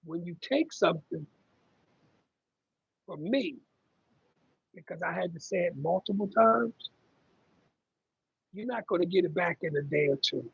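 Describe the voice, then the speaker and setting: A man's voice: high voice, expressive, measured pace, creaky, long pauses, husky, no echo, lo-fi sound. A middle-aged man hosting a casual livestream about caregiving, rambling and conversational with lots of ums as he reads viewer comments.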